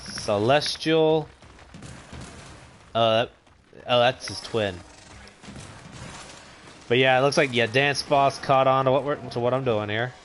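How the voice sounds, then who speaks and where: A man's voice: medium pitch, takes it slowly, long pauses, a bit bright, slight background noise. Laid-back man commenting on gameplay. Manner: laid-back, rambling, chats to viewers. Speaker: gaming channel host.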